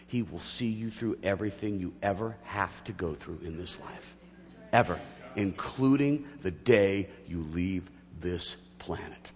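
A middle-aged male pastor delivers a sermon, opening with a personal story told with gentle humor before building into emphatic teaching. His voice is on the low side, and a long reverb tail trails behind it.

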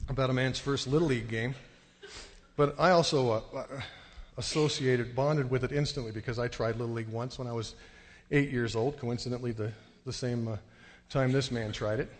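Guy preaching, mid-range voice, gets all excited telling a story, big hall echo. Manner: animated storyteller, jumps into high excited delivery. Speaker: pastor. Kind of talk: sermon with storytelling. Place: church sanctuary. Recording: long hall reverb.

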